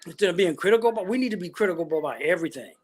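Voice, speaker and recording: A man's voice: high-pitched, expressive, very fast, husky. A man ranting bluntly and profanely about politics, full of heavy slang. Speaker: vlogger giving opinions.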